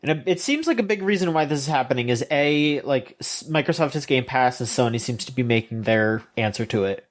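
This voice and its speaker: A man's voice: medium pitch, expressive, fairly quick, hardly any pauses. A man co-hosting a video game podcast, ranting in opinionated casual chat with frequent restarts, fillers and swearing. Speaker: podcast co-host.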